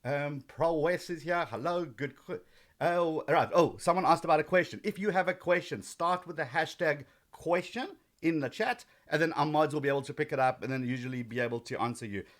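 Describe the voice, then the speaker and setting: A man hosts a casual live training stream with a slightly higher-pitched voice. He talks in a chatty, easygoing way, greets viewers one by one, and fills his pauses with ums. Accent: South African.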